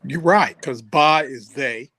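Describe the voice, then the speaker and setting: A man in an online language class, haltingly trying out new words. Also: mid-range voice, bright, forceful tone. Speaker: student.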